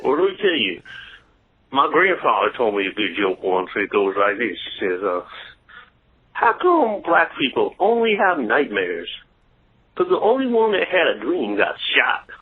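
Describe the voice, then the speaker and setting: A man's voice: mid-range voice, huge pitch swings, moderate pace, breathy edge, phone-quality sound, pitched below the performer's own voice. A man voicing a folksy, old-fashioned racist white man telling crude jokes. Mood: smug. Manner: drawling, crude joking.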